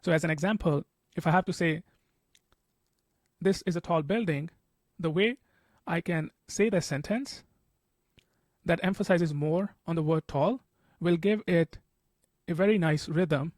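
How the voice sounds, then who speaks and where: A man with a high-leaning, darkish voice tutors for test prep in an explanatory tutorial, patiently repeating example sentences slowly and often saying "okay." The sound is dry and close, with no echo.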